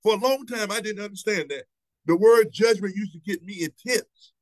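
A man, a church elder, preaching a sermon over a video call, asking rhetorical questions, repeating himself and slowing down to stress his points. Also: high voice, no echo, rough recording.

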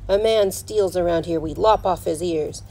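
A man's voice: high-pitched, moderate pace, dark tone, rough recording. A woman reading aloud voices a boisterous bearded gold-rush miner who talks in a chatty, folksy backwoods way. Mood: gruff folksy.

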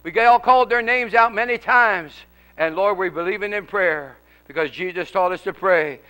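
A man's voice: sits high, normal speed, bright, forceful tone, clear, resonant tone, rough recording. A male preacher leading a congregation in prayer in an auditorium, fervent, with rhythmic, repeated calls.

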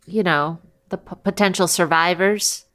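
A woman's voice: on the low side, steady tone, moderate pace, fairly bright tone. A woman co-hosting a comedy morning radio show, answering in an earnest, defensive, matter-of-fact way. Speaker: morning radio co-host and news reader. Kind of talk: improvised comedy radio banter.

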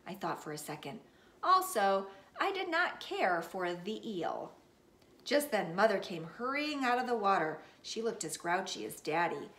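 A woman reading a children's book aloud in the first person of a young girl, animated and playful. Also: a little slow. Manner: animated, playful, with big jumps in pitch on exclamations. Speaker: storybook reader. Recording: roomy echo.

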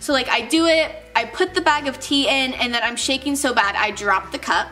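High, bright-voiced young woman vlogger. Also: moderate pace, faint music behind. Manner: chatty, many "like"s, acts out quoted voices. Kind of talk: casual storytelling to camera.

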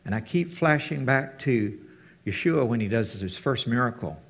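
Man giving a lively, chatty sermon. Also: normal speed, husky. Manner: conversational, acts out quotes with big pitch jumps. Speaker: teacher of a fellowship. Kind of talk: casual sermon.

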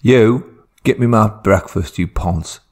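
A man's voice: lowish voice, slow pace. A man doing a bossy, swearing Cockney teen boy. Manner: swearing, bossy, shouting orders. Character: brash foul-mouthed Cockney teenage boy bossing his dad.

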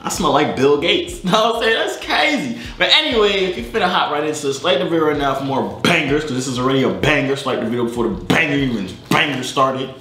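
A man's voice: medium pitch, fast talker, few pauses, pushed and bright, echoey room, slight background noise. A young man vlogging at night, joking and boasting in slang while chatting with strangers on a webcam. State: tired. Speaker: vlogger chatting with strangers on a video chat site. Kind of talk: casual vlog chat. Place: room at night.

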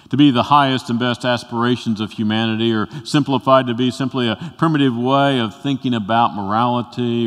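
Male preacher, unhurried storyteller, long sanctuary reverb. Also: medium pitch. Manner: storytelling, rising to bursts and dropping to a hush. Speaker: pastor. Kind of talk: sermon. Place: church sanctuary.

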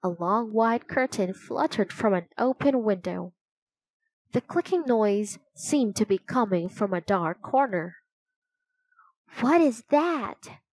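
A woman reading a children's chapter book aloud, telling it slowly and clearly. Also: mid-range voice, animated, darkish tone, dry recording, poor audio. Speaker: storybook narrator.

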